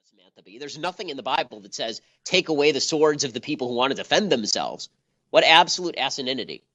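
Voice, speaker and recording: A man's voice: mid-range voice, sing-song, fairly bright tone. A man hosting a political commentary show, ranting scornfully at the clips he plays. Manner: scornful, rapid-fire ranting. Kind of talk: combative commentary monologue.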